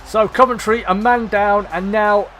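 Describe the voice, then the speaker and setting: Excitable high-voiced gaming commentator. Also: male voice, a little slow, soft background music. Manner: excitable, swears often, shouts at players. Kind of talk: live game commentary.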